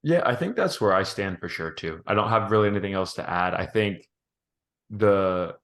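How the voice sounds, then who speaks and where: A man co-hosting a podcast, thinking out loud in a rambling, thoughtful way with many restarts. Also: low-pitched, expressive, moderate pace. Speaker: podcast co-host. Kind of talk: casual podcast chat.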